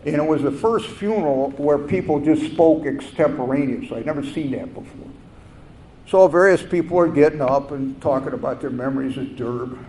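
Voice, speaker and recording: An older man telling a personal story at a recovery meeting, halting and reflective, with fillers and restarts. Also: on the high side, mellow. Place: meeting hall. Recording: echoey room with faint noise.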